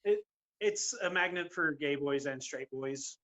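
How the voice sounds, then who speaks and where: A man's voice: a little high, a little slow, bright, forceful tone. A man from Utah, a guest on a podcast, talking in an easygoing, matter-of-fact way in casual group chat. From Utah, United States.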